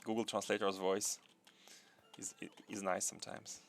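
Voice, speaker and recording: A man's voice: lowish voice, flat delivery, moderate pace, gravelly, a little hiss or hum. A man hosting a live gameplay stream. He thinks aloud, repeats his phrases, chuckles often and chats with viewers. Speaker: gaming livestream host.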